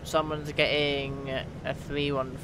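A man from the UK chatting casually with his viewers during a live game stream, reading out their names and getting excited now and then. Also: a little high, takes it slowly, background noise. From United Kingdom. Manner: chatty, reads out chat names, bursts of excitement. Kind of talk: casual gaming livestream chat.

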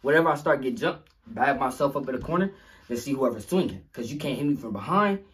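A young man telling a story in a vlog, animated, acting out sounds and quotes. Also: medium pitch, quick pace, breathy edge. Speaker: vlogger.

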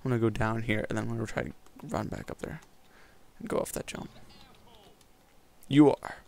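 A man's voice: on the low side, fast talker, creaky. A young man giving casual, rambling let's-play commentary over a video game, joking and mocking himself as he plays. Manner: rambling, self-mocking, jokey. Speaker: gameplay commentator.

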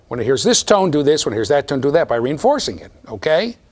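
A man giving a university lecture, animated, often checking in with the students and repeating his words. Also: a little high, fast. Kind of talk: classroom lecture.

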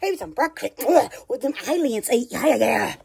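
A woman's voice: a little high, big pitch swings, fairly quick, creaky, a little mellow, husky. A woman vlogging in a rambling, casual way, giggling and exclaiming often. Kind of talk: rambling casual vlog chat.

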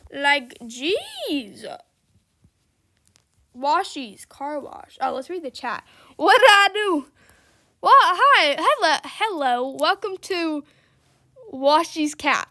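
A woman's voice: high-pitched, sharp tone. A young woman giving casual, exclamatory commentary while playing a game, often frustrated and laughing. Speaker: gamer.

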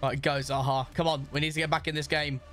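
A young man commentating excitedly on a football video game, often shouting at the referee. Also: fairly high pitch, fast talker, faint music behind. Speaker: gamer.

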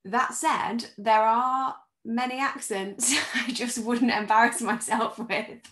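A woman's voice: on the high side, fairly even intonation, slow pace, fairly bright tone, roomy sound. A woman actor on a video-call panel, giving friendly, candid advice and thinking aloud as she goes. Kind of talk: conversational panel answers.

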